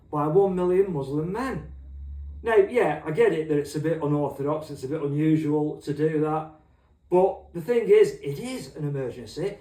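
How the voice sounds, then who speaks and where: This profane comic rant comes from a middle-aged host whose high, darkish voice rambles crudely and swears freely. The mic is far away, and the room echoes.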